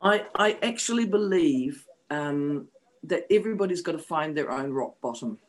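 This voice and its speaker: A woman in her fifties from New Zealand appears as an interview guest, telling personal stories frankly and with feeling. Her voice is low with lively intonation at a normal speed, and the recording is rough. She repeats phrases for emphasis and swears bluntly.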